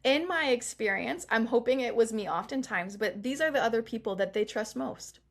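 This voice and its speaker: A middle-aged woman performance coach chatting as an interview guest, animated, laughing often and acting out the lines she quotes. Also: on the high side, moderate pace. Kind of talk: casual interview chat.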